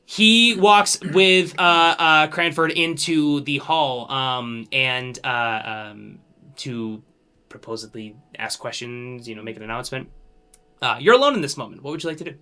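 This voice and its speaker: A man's voice: medium pitch, measured pace, pushed and bright, clean tone. A man running a tabletop game as game master, narrating loosely with lots of ums. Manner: loose narration with many fillers.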